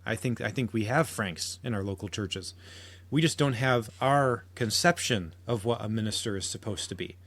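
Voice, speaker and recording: A man's voice: lowish voice, moderate pace, fairly bright tone. A man hosting a podcast, making an earnest argument with frequent restarts and quotations. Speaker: podcast host. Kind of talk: solo podcast commentary.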